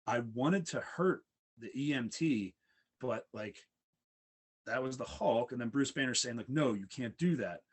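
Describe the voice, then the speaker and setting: A young man recounts a wild night in a loose, rambling way, with plenty of fillers and restarts. His voice sits at a middle pitch for a man, and his delivery stays relaxed and conversational. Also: measured pace, slightly rough. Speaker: storyteller. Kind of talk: casual storytelling.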